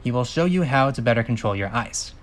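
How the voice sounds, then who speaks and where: Man playing a calm old dragon mentor, even and steady, near his own voice. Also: mid-range voice, fairly quick, natural voice. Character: warm, wise elder male fire dragon mentor.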